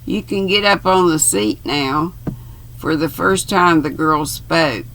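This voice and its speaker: An older woman reading a novel aloud, unhurried and pausing now and then to correct herself. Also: low voice, fairly bright tone, a little hiss or hum. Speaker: reader.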